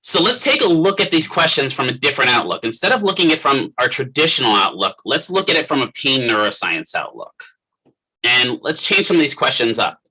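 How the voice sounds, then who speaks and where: A man's voice: mid-range voice, big pitch swings, a little fast, pushed and bright, breathy edge, low-quality recording. A middle-aged man teaching a physical therapy class in a conversational lecture, often putting questions to students by name. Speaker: physical therapist assistant instructor.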